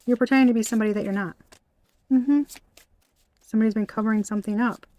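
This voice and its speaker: A young woman giving an excitable tarot reading, exclaiming, gasping and swearing as she goes. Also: a little high, fast. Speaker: tarot reader.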